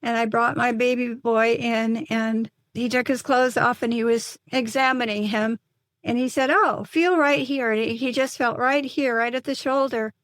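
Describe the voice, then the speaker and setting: An older woman speaks in a slightly high voice, earnest and halting, often restarting her sentences as she recounts a painful story. The recording is dry and close, with no room sound around her. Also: level tone, no echo. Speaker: guest, psychotherapist and mother. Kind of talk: emotional personal storytelling in an interview.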